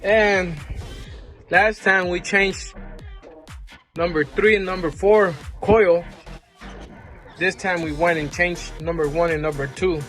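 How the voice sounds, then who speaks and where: A man's voice: high voice, fairly even intonation, slow, pauses often, a bit bright, soft background music. A man mechanic talking casually as he walks through a car repair, explaining parts and prices in a plain, informal way. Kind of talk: casual how-to repair vlog.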